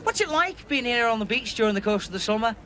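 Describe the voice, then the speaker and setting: A man presenting live from a beach, chatting excitably with children about their swaps. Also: very high voice, fast, slight background noise. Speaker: outside broadcast presenter. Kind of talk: lively live interviews on a beach. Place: outdoors on a crowded beach.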